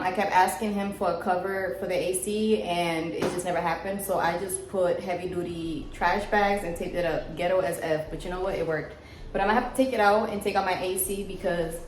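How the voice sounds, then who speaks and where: A woman telling a story to her viewers in a casual vlog, animated and chatty, talking to her phone camera in an emptied apartment. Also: fairly low pitch, slight background noise. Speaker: vlogger. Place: apartment during a move. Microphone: phone camera propped up.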